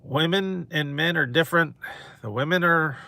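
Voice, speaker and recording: A man's voice: on the high side, moderate pace, gravelly, sharp tone, no room sound. A man hosting a food mukbang, chatting casually with live viewers and rambling, chuckling often. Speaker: mukbang host.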